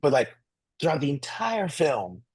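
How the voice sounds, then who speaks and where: A man co-hosting a casual film review podcast, thoughtful and halting, often repeating himself. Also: a little high, wildly swooping pitch, slightly rough, no room sound. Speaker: podcast co-host.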